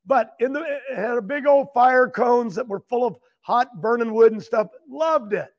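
Older man, high pitched, meandering storyteller who restarts his sentences. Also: normal speed, highs cut off. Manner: loose, meandering, keeps restarting and clearing his throat. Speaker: guest, racing driver. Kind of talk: rambling storytelling.

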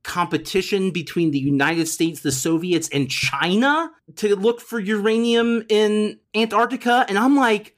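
A man's voice: high voice, unhurried, hardly any pauses. A man co-hosting a podcast, incredulous and exasperated, ranting in casual, profane chat. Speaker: podcast co-host. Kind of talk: casual chat reviewing a documentary.

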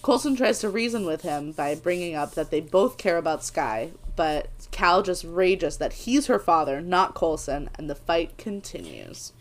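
A young woman co-hosting a casual podcast, recapping an episode in a chatty, excitable way. Her pitch swings widely. She talks at a slow, easy pace. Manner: animated, laughs often, swears when excited. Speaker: podcast co-host, first-time watcher.

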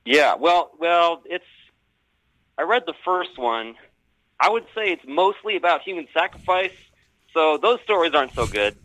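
A man tells a meandering anecdote with many fillers and restarts. His voice is bright and forward. The sound is dry and close. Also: a little high, very animated, measured pace, no room sound, rough recording. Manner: rambling, hesitant storytelling with many fillers. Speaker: guest storyteller. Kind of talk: casual chat.

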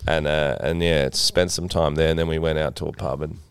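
A man's voice: extremely low pitch, steady tone, fairly quick, clear, resonant tone. A young Australian man co-hosting a podcast, bantering playfully in casual chat. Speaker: podcast co-host.

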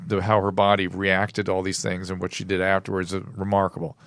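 A man's voice: deep voice, completely flat delivery, brisk, a bit bright, clean tone, dry recording. A man in casual chat, telling a story earnestly and with emphasis.

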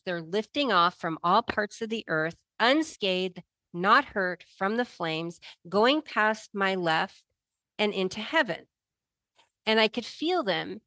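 A middle-aged woman shares a personal testimony with heartfelt earnestness, her voice rising with emotion as she relives vivid moments. Her voice sits at an ordinary middle pitch, recorded close and dry with no room around it. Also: a bit bright, no room sound. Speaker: guest telling a near-death experience.

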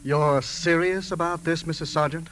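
An actor playing a hospital doctor who talks in a doubtful, guarded way. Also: male voice, fairly high pitch, steady tone, normal speed, a bit bright, natural voice.

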